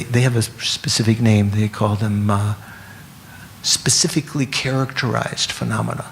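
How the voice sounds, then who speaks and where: A man giving a Buddhist teaching to a class, speaking haltingly with many restarts and putting questions to his listeners. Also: medium pitch, slight background noise. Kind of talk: dharma teaching.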